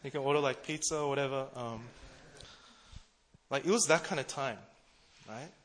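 A male preacher with a bright, forward voice gives a casual, chatty sermon. He talks the way friends talk, laughing at himself along the way. His pitch sits in the middle of the male range. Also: moderate pace. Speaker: preacher, church treasurer.

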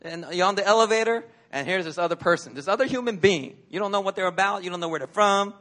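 Animated high-voiced male pastor. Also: fast. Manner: conversational, animated storytelling with laughs. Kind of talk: sermon. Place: church.

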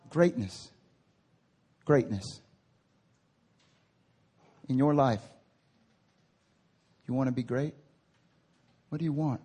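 A man preaching a sermon as pastor, lively, with playful voiced asides and big swings from loud to hushed. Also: medium pitch, takes it slowly, long pauses, breathy edge. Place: church service.

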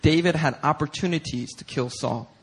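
A man preaches in a church, speaking to the congregation in a conversational, animated way. His voice sits a little high and has a husky, breathy grain. He acts out the stories as he tells them. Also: moderate pace. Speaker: pastor. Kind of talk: sermon. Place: church sanctuary.

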